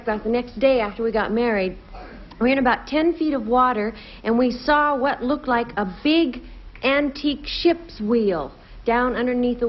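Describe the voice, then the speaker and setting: A woman telling a story on a game show, halting with fillers. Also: fairly high pitch. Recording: dull 1970s TV recording.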